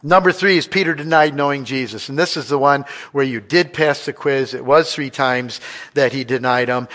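A man preaching a sermon as pastor. He asks the congregation questions and swings between loud stretches and hushed ones. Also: on the high side.

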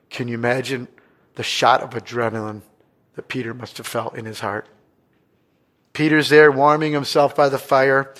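A man preaching a sermon as pastor. He asks the congregation questions and swings between loud stretches and hushed ones. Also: fairly high pitch.

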